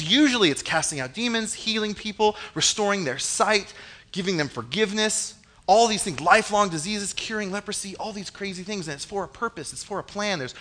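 A young man giving a casual sermon, reading scripture and acting out the scenes in an animated, joking way. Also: high-pitched. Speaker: preacher. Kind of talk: casual youth-style sermon with Bible reading.

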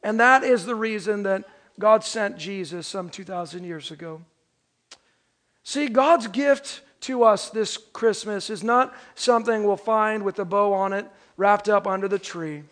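High-pitched guy preaching a christmas sermon, tells stories, slows way down on the big lines. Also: fairly bright tone. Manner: storytelling, emphatic, slows down on key phrases. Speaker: pastor.

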